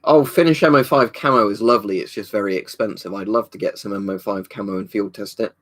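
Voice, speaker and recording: Speaking quickly in a fairly low voice with a slightly bright edge, this man hosts a laid-back livestream. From a storage room at home, he reads out comments from viewers and answers them in an easy, rambling way.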